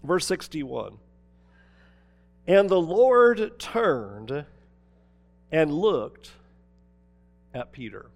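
High-voiced preacher in a reverberant hall. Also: male voice, big pitch swings, drawn-out words, vocal fry, long pauses. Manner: dramatic storytelling, swinging from emphatic to hushed. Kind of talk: sermon. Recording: long reverb of a large hall.

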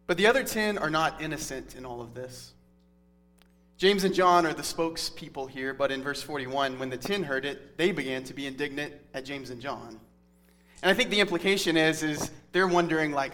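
Male pastor, 30s, sermon: conversational and earnest, bright, slightly high voice, long hall reverb. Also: normal speed. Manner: conversational, earnest Bible teaching.

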